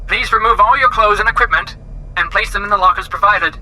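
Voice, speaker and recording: A small, shiny android greets arrivals in a high, robotic monotone. Its voice is very bright and sits well above a normal man's pitch. A game master puts it on over a tabletop session. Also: fast talker, full character voice, rough recording.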